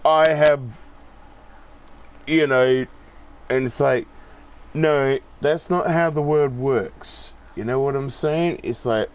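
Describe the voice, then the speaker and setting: A man's voice: mid-range voice, takes it slowly, pauses often, clean tone. A middle-aged man in a rambling, profane monologue, getting worked up as he rants.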